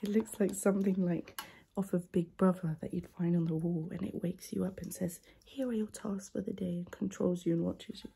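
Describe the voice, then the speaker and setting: A woman doing a chaotic whispered role-play, out of breath, repeating quick instructions close to the mic. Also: lowish voice, little pitch movement, gravelly, mellow, slightly rough. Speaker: ASMR creator.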